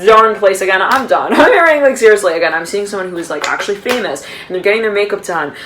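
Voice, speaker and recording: A woman's voice: mid-range voice, animated, rapid-fire, fairly bright tone, slight background noise, rough recording. A woman giving an intuitive tarot reading for a zodiac sign. She rambles and repeats herself, keeps saying she is hearing things, and uses a lot of fillers and laughs. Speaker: tarot card reader.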